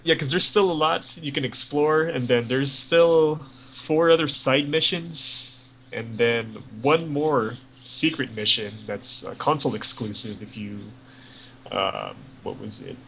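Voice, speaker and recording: A man's voice: medium pitch, expressive, measured pace, creaky, a bit bright, a little hiss or hum, low-quality recording. A man co-hosting a podcast, rambling casually about video games with lots of fillers and swearing. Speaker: podcast co-host. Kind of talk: casual gaming chat.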